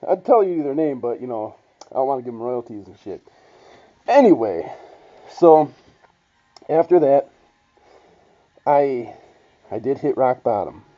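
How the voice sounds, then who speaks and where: A man's voice: medium pitch, big pitch swings, unhurried, long pauses. A young man telling a personal story in a blunt, profane, rambling way, with many restarts. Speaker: vlogger. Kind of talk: casual storytelling monologue. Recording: dull lo-fi sound.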